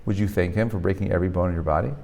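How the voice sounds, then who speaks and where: A man teaching a class as a rabbi. He talks in an animated way, often checks with "right?", and mixes Hebrew terms into English. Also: sits low, racing, vocal fry, in a large hall. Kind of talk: lecture to a live class. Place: lecture hall with a live audience.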